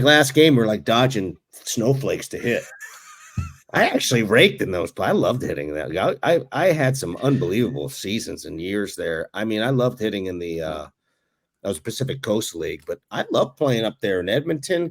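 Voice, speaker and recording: A man, a former ballplayer, co-hosting a casual sports talk show and telling animated stories with chuckles. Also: on the low side, normal speed. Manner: animated storyteller who chuckles while recalling. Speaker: podcast co-host, former pro ballplayer.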